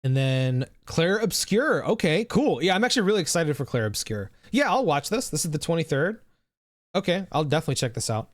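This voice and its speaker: A man's voice: a little high, very animated, fairly quick, no room sound, studio quality. A man streaming live, chatting casually and rambling, swearing freely and answering his chat.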